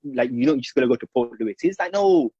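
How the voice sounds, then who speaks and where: Man telling a lively story. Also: medium pitch, fast talker, slightly rough, no echo. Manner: animated, acts out quoted dialogue. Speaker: storyteller recounting memories. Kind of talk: casual storytelling. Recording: dry, slightly dull recording.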